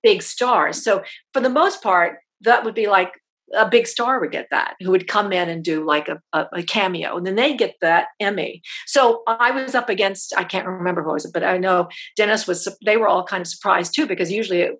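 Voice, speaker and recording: A middle-aged actress chatting as an interview guest, telling stories in a halting way with many restarts. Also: female voice, mid-range voice, fairly bright tone, slightly rough. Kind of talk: casual interview chat.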